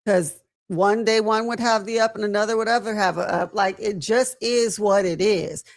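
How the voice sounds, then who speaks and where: A woman co-hosting a live wrestling watch-along, chatting casually and reacting with excited exclamations. She is from California. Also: mid-range voice, gravelly. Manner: animated, exclaims and laughs at the action. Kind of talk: casual live-stream chat.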